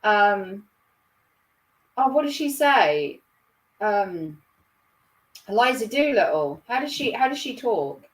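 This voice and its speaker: A woman's voice: mid-range voice, big pitch swings, slow, pauses often, far from the mic. Giggly woman with a Norfolk accent. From Norfolk, England. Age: 30s. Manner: chatty, giggly, self-mocking. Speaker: livestream host. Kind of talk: casual chat reading viewer comments.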